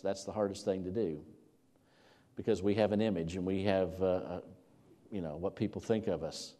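Earnest preacher man in a reverberant hall. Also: fairly low pitch. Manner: earnest, rises to loud emphatic peaks on scripture. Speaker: pastor. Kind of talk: sermon. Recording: long reverb of a large hall.

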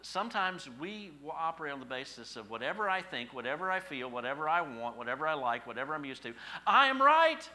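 A man's voice: medium pitch, expressive, quick pace, few pauses, bright, forceful tone. A middle-aged man, a pastor, preaching a sermon with folksy stories and rhetorical questions.

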